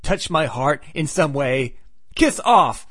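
A man voicing an angry, scornful young superheroine, a bit louder and slower than his own talk. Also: a little high, sing-song, no room sound, studio quality, exaggerated voice.

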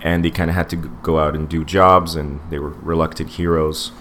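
A man's voice: very deep voice, flat delivery, a little fast, background noise. A man in his forties co-hosting a casual podcast movie review, rambling with many fillers and restarts. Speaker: podcast co-host.

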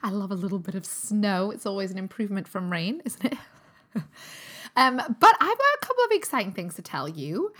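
A British woman, a holistic nutritionist, hosting her own podcast in a chatty, upbeat way, her voice still a little croaky from a recent cold. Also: mid-range voice, big pitch swings, brisk, a bit bright. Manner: chatty and upbeat, with frequent fillers and restarts. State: slightly croaky voice recovering from a cold. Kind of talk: casual solo podcast talk.

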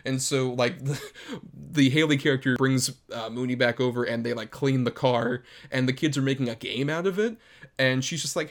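A man's voice: mid-range voice, steady tone, normal speed. A man from Florida chatting casually about a film, loose and rambling, full of "like" and casual swearing. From Florida, USA.

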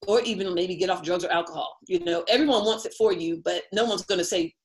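A woman's voice: on the low side, fast talker. Chatty woman telling a life story. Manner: chatty, laughs often, says "like" a lot. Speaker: interview guest. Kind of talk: candid personal storytelling.

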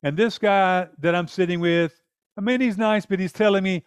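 A man in his fifties with a high voice preaches a sermon, leaning into personal stories and acting out what people said. The sound is close and dry, with no room around it. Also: moderate pace, clear, resonant tone, no echo. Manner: storytelling, animated with acted-out quotes. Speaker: pastor.

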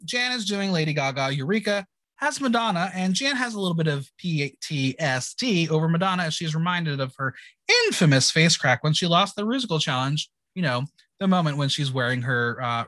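Man, host, high pitched, lively sing-song delivery, playful, theatrical, dry close recording. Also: moderate pace, no echo. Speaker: podcast host. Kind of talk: casual recap chat.

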